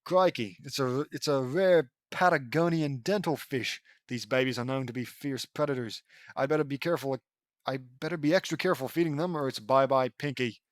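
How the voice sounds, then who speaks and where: A man's voice: medium pitch, moderate pace, dry recording, studio quality, lightly acted. A man voicing a boy pretending to be a bold wildlife explorer, in a hammy mock Australian accent. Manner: hammy, theatrical.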